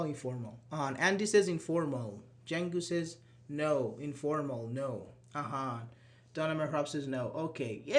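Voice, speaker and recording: A man's voice: a little high, a bit bright. A man whose first language is Persian, teaching a live online grammar class and explaining step by step while checking in with students. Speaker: English teacher.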